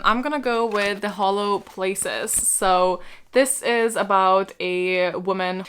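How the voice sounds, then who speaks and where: A woman hosting a book vlog in casual chat, excitable and gushing, laughing often as she talks. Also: on the high side. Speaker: book vlogger host.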